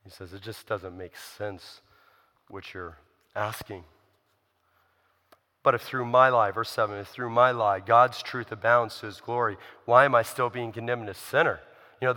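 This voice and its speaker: A man's voice: mid-range voice, bright, forceful tone, in a large hall. A man preaching a sermon in a conversational, emphatic way, asking the listeners rhetorical questions. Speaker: pastor.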